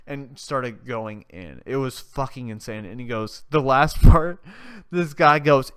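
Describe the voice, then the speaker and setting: A man's voice: mid-range voice, a little slow, clear, resonant tone, no echo, clean studio sound. A man hosting a podcast, retelling a story in a casual, rambling way, swearing and laughing often. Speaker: podcast host.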